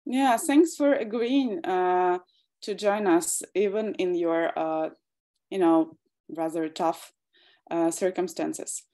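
Woman, webinar host, mellow voice, friendly, hesitant, lots of fillers, video call mic. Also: fairly low pitch, slow pace. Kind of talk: hosting an online webinar. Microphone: computer mic on video call.

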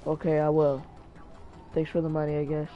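Excitable young male gamer. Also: on the high side, moderate pace, lo-fi sound, soft background music. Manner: excitable, mild swearing, talks to himself. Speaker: gaming channel host. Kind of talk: live gameplay commentary.

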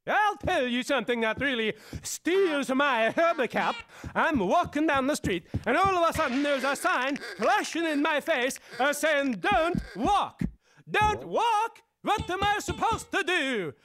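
A man voicing an excitable Swedish comedian who rants indignantly about everyday things, with a Swedish accent. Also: very high voice, unhurried, slight background noise, exaggerated voice. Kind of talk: cartoon voice acting.

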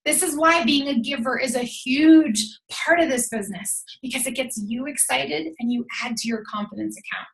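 A woman coaching her team over a call, energetic and emphatic, chatty with lots of "like"s. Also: high voice, moderate pace, creaky, few pauses, reverberant. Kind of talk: motivational team call talk. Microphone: call audio.

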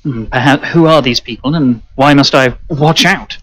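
A man's voice: mid-range voice, normal speed, a bit bright, no echo, lightly acted, rough recording. A British man voicing a formal, earnest male cadet with stiff, proper phrasing in a tabletop game.

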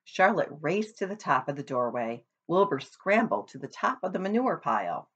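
A woman reading a children's book aloud in an expressive storytelling manner. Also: deep voice, normal speed, breathy edge, dull audio. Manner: expressive, shows pictures to listeners. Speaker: storybook reader.

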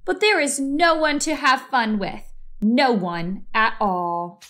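A woman voicing a young boy fox who gets easily flustered, in a higher, brighter voice than her narration. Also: takes it slowly. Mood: fretful.

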